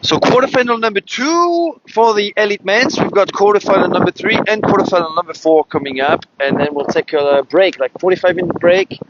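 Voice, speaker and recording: A man giving live race commentary as announcer, excited and chatty, talking straight to viewers with many fillers, outdoors at a beach venue. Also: on the high side. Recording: dull livestream sound with clear outdoor noise.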